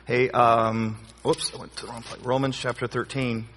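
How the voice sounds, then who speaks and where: A man's voice: medium pitch, little pitch movement, normal speed, fairly bright tone, slight background noise. A man leading a Bible study question time as pastor, talking in a conversational, joking and emphatic way. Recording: long hall reverb.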